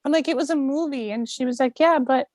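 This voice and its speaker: A woman's voice: high voice, brisk, dry recording. A woman co-hosting a casual podcast chat, telling stories animatedly and acting out the people she quotes. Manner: lively storyteller, acts out quoted voices. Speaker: podcast co-host.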